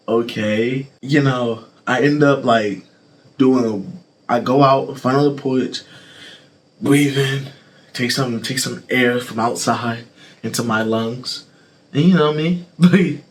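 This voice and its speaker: A man's voice: mid-range voice, slight background noise. A man vlogger telling a casual storytime full of swearing, laughter and fillers. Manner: rambling, profane, laughing, filler-heavy. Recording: background music behind voice.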